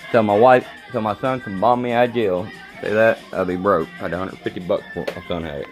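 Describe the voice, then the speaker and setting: A middle-aged man, ranting angrily and repetitively to the camera. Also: on the low side. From Kentucky. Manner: agitated, repetitive, plain-spoken. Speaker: vlogger. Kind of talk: angry rambling rant to camera.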